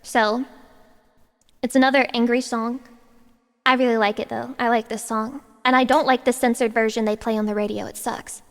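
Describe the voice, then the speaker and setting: This woman streamer's voice sits on the high side, delivered flatly at a normal speed, and it sounds like a big room. Between chat banter, she rants in a profane, sarcastic, mock-grieving tone and belts out karaoke songs over backing tracks.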